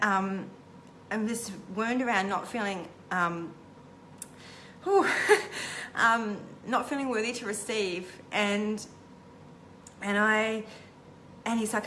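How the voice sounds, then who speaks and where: Candid woman coach, mid-range voice, halting heartfelt storyteller with a faint hiss behind. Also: mid-range voice, a bit bright. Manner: halting, many "um" and "like" restarts. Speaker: intimacy coach. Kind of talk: personal storytelling to camera.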